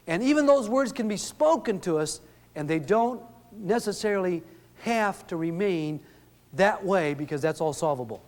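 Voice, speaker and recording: Seminar speaker, male, slightly high voice, storytelling delivery, long hall reverb. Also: animated, normal speed, darkish tone. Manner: storytelling, acts out quoted dialogue. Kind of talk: live seminar talk.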